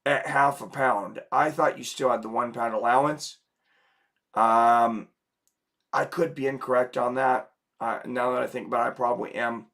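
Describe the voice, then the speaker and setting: A man's voice: medium pitch, fairly even intonation, moderate pace, vocal fry, fairly bright tone. A man who is sick and losing his voice, hosting a casual livestream and talking through viewer comments in a rambling way. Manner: rambling, filler-heavy. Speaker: livestream host.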